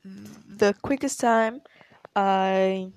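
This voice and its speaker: A young woman, a tennis player answering questions, tells a rambling personal story in a casual chat. Her mid-range voice is creaky and a little mellow, with drawn-out words. She's chatty, laughs often, and fills her speech with "like."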